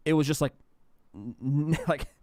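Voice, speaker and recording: A slightly high, slightly fast and a little mellow voice belongs to a man co-hosting a podcast. Chatting casually, he rambles and frequently restarts sentences, captured in clean studio sound without room ambience.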